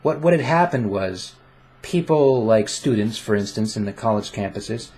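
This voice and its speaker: A young man talks into a desk condenser mic in his room, in a casual vlog. His voice sits a bit low, and he rambles playfully, mocks himself and restarts his sentences. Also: expressive, normal speed, darkish tone. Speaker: vlogger. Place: home room with webcam.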